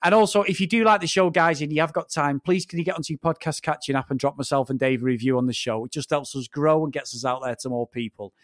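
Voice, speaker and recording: A man's voice: fairly high pitch, fast talker, hardly any pauses, no room sound, clean studio sound. A man co-hosting a podcast who wraps up the episode in a friendly, chatty way. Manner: friendly, chatty wrap-up with fillers. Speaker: podcast co-host. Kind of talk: casual podcast sign-off.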